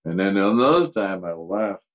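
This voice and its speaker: An older man with a very low, deep voice, a football coach appearing as a guest in a casual storytelling interview, spins animated stories from his coaching days at normal speed. He laughs often and slips into the voices of the people in his tales, though the audio is poor.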